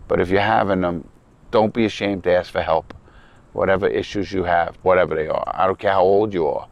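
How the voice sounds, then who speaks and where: An ex-criminal vlogger from New York City, with a low, gravelly voice and a New York accent, talks casually to the camera outdoors at a lakeside campground. He's blunt and earnest, rambles, and swears a lot.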